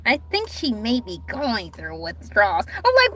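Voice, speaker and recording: A woman chatting casually on her livestream, animated and dramatic, with sudden cries and mock outrage. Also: on the high side, measured pace, few pauses. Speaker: livestream host.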